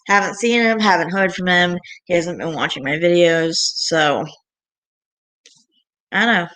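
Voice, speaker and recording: A woman's voice: lowish voice, unhurried, a bit bright. Frustrated young woman venting, rambling. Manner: frustrated, rambling, sighing often. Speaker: vlogger. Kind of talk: casual venting monologue.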